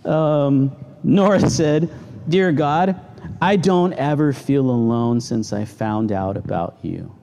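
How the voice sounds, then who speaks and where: A middle-aged man, a pastor, preaching a sermon in a church and telling stories with sudden animated outbursts. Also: mid-range voice, creaky. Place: church sanctuary.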